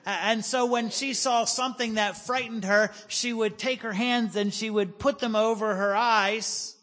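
A man in his forties, a pastor preaching a sermon, telling a personal story with humor and slowing down for emphasis. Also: high voice, fairly even intonation, a bit bright, big-room sound. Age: 40s.

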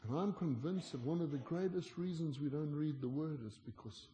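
A man preaching a sermon, moving between quiet, intimate asides and loud, emphatic lines. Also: on the high side, moderate pace, echoey room, slight background noise.

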